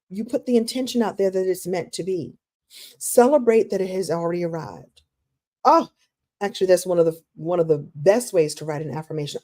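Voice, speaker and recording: A woman hosting a live motivational talk in a conversational, playful way, breaking into lively exclamations. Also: on the high side. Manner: animated, playful, breaks into exclamations and acted quotes; conversational, with restarts and laughs. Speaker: host, motivational speaker.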